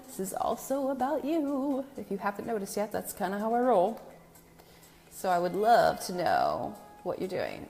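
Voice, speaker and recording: A young woman hosts a casual live stream, chatting with her viewers and calling each one by name. Her voice has a gravelly fry, and soft music plays faintly behind her. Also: a little high. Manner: chatty, greets viewers by name, self-deprecating. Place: new home with a brick wall, indoors.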